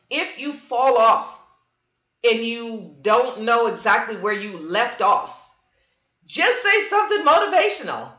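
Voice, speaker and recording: Animated woman chatting on a livestream. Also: on the high side. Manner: animated storyteller, reads viewer comments aloud. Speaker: livestream host. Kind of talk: casual livestream chat. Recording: roomy, dull lo-fi stream audio.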